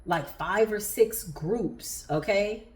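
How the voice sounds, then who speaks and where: A woman's voice: medium pitch, slow, darkish tone, roomy sound. A woman giving a casual tarot reading on a livestream. She chats to her viewers, laughs often and throws in sassy asides. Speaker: tarot reader.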